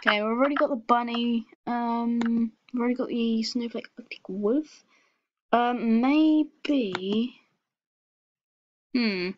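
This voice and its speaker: A young English woman hosting videos chats casually on a call, giggly and hesitant with plenty of ums. Her fairly high voice takes things slowly, and the muffled lo-fi recording carries slight background noise.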